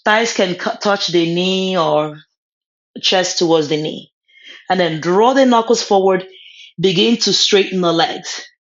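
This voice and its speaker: Woman, yoga instructor, slow calm pose cues, lowish voice, slightly muffled recording. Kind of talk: guided yoga class cues. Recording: slightly dull lo-fi sound.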